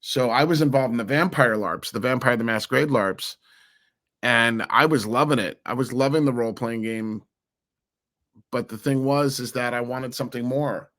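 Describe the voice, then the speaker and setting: Guest voice: man, 40s, New Jersey-raised, lively rambling storyteller, mid pitch. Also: moderate pace. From New Jersey, USA. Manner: animated, rambling, many restarts. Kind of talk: casual interview storytelling.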